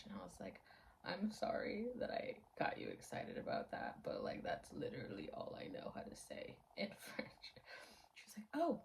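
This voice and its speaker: A young woman rambles to camera at home in an easy vlog chat. Her mid-pitched voice carries a gravelly fry, and she slips into half-whispers and laughs often. A faint hiss of noise sits under the recording. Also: darkish tone, poor audio. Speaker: vlogger.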